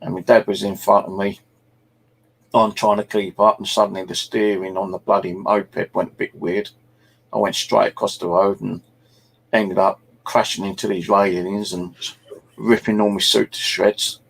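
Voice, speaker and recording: A middle-aged man hosts a casual chat, his voice low and gravelly. He rambles through his stories and swears freely along the way. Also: flat delivery, moderate pace. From South East England. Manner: rambling anecdotes, peppered with swearing. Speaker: channel host.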